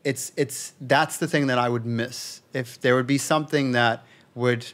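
Calm, reflective man from South Africa. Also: mid-range voice, normal speed. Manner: reflective, calm, with filler "like" and restarts. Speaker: podcast guest, flow coach and yoga instructor. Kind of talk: casual podcast interview.

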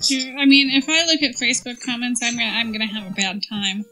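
A woman's voice: on the high side, fairly even intonation, fast, sharp tone, soft background music, low-quality recording. A young woman co-hosting a gaming stream, chatting casually and joking. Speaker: stream co-host. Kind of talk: casual chat.

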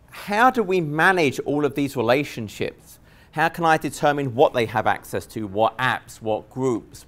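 Speaking in a voice on the higher side, an English-accented Englishman delivers a technical talk to a live conference crowd. He's relaxed and joking, and he uses lots of fillers and restarts.

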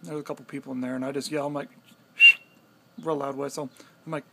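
A young man casually telling a story to the camera, animated and swearing freely. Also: medium pitch, fast talker, pauses often, very noisy. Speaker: vlogger.

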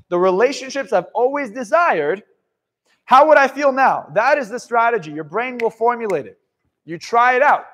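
Profane high-voiced male seminar speaker. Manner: blunt, profane, swings from loud to hushed. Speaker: motivational speaker. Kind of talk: live motivational seminar talk.

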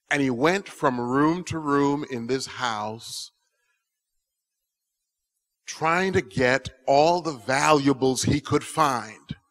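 A man telling a children's story at church with animated, expressive delivery. His voice is bright and fairly high for a man, with lively swings in pitch. He speaks slowly and deliberately. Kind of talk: children's sermon.

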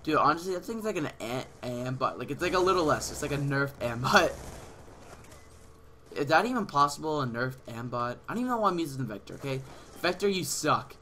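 Teenage man, gameplay commentary, very lively pitch, bright sharp tone, swearing outbursts, faint hiss. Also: fairly quick. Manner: excitable, swearing, sudden yells at other players. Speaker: gaming channel host. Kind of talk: casual live gameplay commentary.

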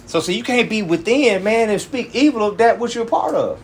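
A man's voice: sits high, animated, a little fast. Emphatic, colloquial male church elder. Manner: emphatic, colloquial, often ends phrases with "man". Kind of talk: informal sermon teaching.

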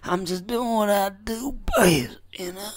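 A man voicing a swaggering, laid-back male gangster type with a slow, slangy drawl. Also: high-pitched, animated, fairly bright tone, pitched above the performer's own voice. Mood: boastful.

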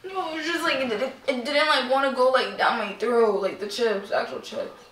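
A young woman vlogging at home, talking in a halting, strained way between coughs. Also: high-pitched, a bit bright. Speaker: vlogger faking a choking fit. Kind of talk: casual prank vlog. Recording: echoey noisy room, mic far off.

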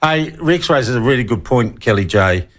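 A man's voice: medium pitch, lively intonation, moderate pace. A man hosting a talk radio show in an easygoing, conversational way. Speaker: radio host.

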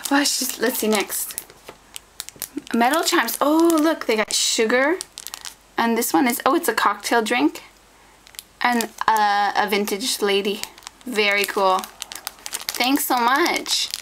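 A woman's voice: on the high side, noisy background. A woman vlogger chatting casually as she unwraps a package of scrapbooking supplies, gushing with delight. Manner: gushing, excited, addresses viewers as guys. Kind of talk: casual unboxing chat.

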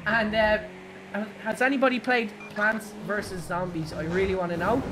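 A young Irish woman giving excitable, giggly live commentary while playing a driving game, shrieking at her crashes. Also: mid-range voice, moderate pace, noisy background. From Ireland. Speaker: game streamer. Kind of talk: live gaming stream commentary.

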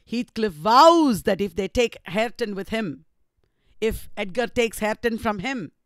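Slow-paced Indian English woman lecturer. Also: a little high, expressive, dry recording. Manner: slow deliberate retelling. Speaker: literature lecturer. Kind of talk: recorded lecture.

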